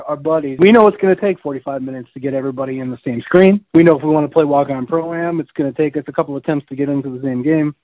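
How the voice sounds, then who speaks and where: A man's voice: fairly high pitch, no room sound. A man co-hosting a casual gaming podcast, telling rambling jokey stories and bleating like a goat now and then. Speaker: podcast co-host. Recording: tinny phone-like line.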